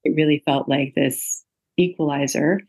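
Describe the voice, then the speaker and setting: A woman's voice: sits low, steady tone, moderate pace, darkish tone, husky, poor audio. A middle-aged woman, an author and interview guest, telling a personal story earnestly with many ums and uhs. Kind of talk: interview conversation.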